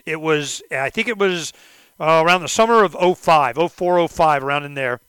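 A male host in a political talk interview, talking in a rambling, animated way and acting out exchanges he has had with others. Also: on the high side, moderate pace, clean tone, no echo.

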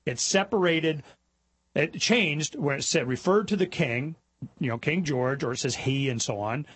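A middle-aged man hosting a talk show, telling stories in a rambling, animated way and mimicking other people in high mocking voices. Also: moderate pace, husky. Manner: rambling, with repetitions and restarts. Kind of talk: casual monologue.

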